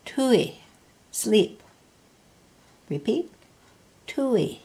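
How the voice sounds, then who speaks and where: A woman's voice: a little high, sing-song, very slow, vocal fry, warm tone, husky. A woman teaching a language lesson, patiently prompting the listener to repeat words and asking how to say phrases. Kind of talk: slow spoken language lesson.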